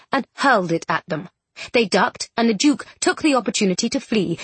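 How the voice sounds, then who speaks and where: Husky-voiced woman narrating a story. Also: mid-range voice, no room sound. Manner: steady storytelling. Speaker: audiobook narrator. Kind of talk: scripted narration.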